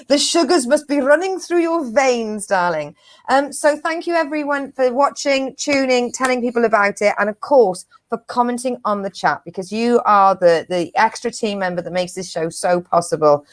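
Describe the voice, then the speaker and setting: A woman's voice: fairly high pitch, moderate pace, dry recording. A woman co-hosting a live-streamed comedy chat show, full of bawdy, laughing banter.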